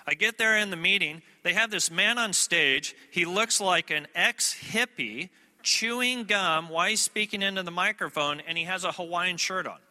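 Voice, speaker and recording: A traveling minister preaches a sermon, telling a story conversationally and turning to his listeners with asides. His high-pitched voice is pushed and bright at a normal speed, heard with the long reverb of a large hall.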